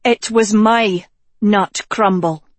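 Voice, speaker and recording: A woman's voice: medium pitch, slow, dry recording. A woman voicing a young female student who speaks plainly and candidly. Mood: earnest.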